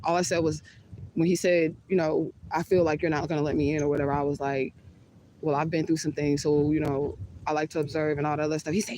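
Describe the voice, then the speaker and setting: A woman's voice: deep voice, level tone, quick pace, mellow, slight background noise, low-quality recording. A woman vlogger telling a personal story to her viewers in a candid, chatty way, swearing freely. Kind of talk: casual storytime vlog.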